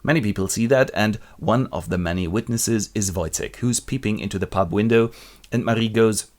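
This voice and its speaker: A man's voice: on the low side, normal speed. A man retelling a classic play in a wry, colloquial, comic way. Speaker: literature presenter.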